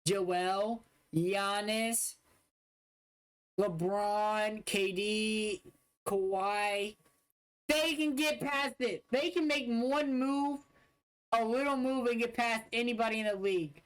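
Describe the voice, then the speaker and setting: A man's voice: high voice, takes it slowly, fairly bright tone, clear, resonant tone. A young man streamer giving blunt, dismissive, profane commentary while reacting to game footage. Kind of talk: casual livestream commentary.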